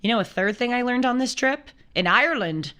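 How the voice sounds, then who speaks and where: A woman hosting a talk show, telling a travel story in a lively, chatty way and acting out the people in it. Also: on the high side, brisk, smooth. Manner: animated storyteller who acts out quoted voices. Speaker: show host. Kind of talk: casual chat.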